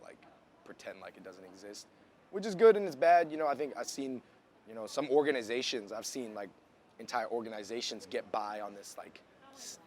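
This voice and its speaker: A man's voice: lowish voice, slight background noise. A man chatting loosely in a casual interview, with many likes and restarts, recorded outside.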